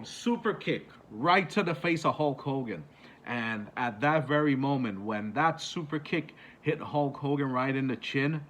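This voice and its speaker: A man's voice: a little high, a bit bright. A man casually retelling moments for a countdown video, rambling with many fillers and restarts. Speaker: YouTuber.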